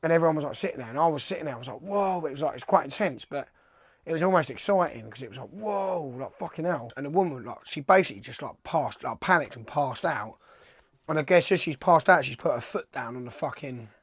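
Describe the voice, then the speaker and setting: A man's voice: mid-range voice, expressive, fast talker, breathy edge, dry recording, studio quality. A young man, a pro skateboarder, telling rambling anecdotes casually and swearing freely. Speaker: professional skateboarder. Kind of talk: casual storytelling interview.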